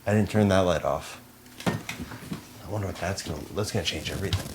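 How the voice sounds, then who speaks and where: Over music, a young man with a low voice speaks briskly, pausing often, as he arranges lights and cameras in his small apartment studio. He co-hosts a podcast and is filming a relaxed behind-the-scenes vlog, chatting to himself and joking at his own expense while he works.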